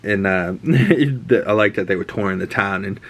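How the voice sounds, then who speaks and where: A man excitedly recapping a TV episode in a casual, rambling way, with many fillers and restarts. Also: fairly low pitch, normal speed, breathy edge. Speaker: show recap host.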